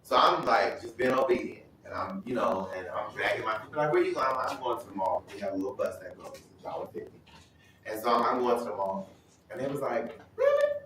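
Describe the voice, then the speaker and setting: Man, low voice, animated testimony, acts out voices, echoey church hall, mic far off. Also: fairly quick, a little hiss or hum. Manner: animated storytelling, acting out voices. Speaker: Bible study speaker. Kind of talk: personal testimony.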